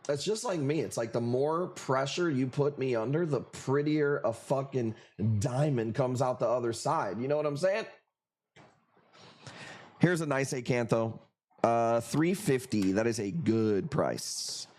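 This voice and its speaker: A man's voice: medium pitch, measured pace, darkish tone, a little hiss or hum. A man hosting a live coral auction stream, chatting casually with viewers in profane, joking, rambling banter. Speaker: livestream coral auction host. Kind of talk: casual live sales chat.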